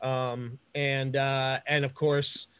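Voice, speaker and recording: A man's voice: mid-range voice, little pitch movement, slow pace, fairly bright tone, clear, resonant tone. A man co-hosting a podcast, chatting casually with many fillers and restarts, sometimes mimicking characters. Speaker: podcast co-host. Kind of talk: casual chat.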